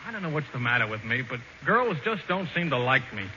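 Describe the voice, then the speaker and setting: A man's voice: medium pitch, big pitch swings, fast talker, pushed and bright. A young man playing an earnest, lovesick suitor in a 1940s radio comedy, pleading eagerly. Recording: muffled hissy 1940s radio broadcast.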